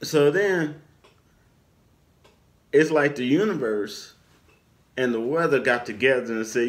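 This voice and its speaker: A man telling a casual storytime anecdote in an animated way, often laughing as he talks. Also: medium pitch, slow, pauses often. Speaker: storyteller vlogger.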